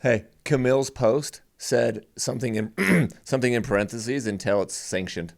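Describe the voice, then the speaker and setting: A man's voice: medium pitch, moderate pace, gravelly. A man co-hosting a podcast in casual banter. He teases his co-host, laughs a lot and jumps from topic to topic. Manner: teasing, laughs often, jumps between topics.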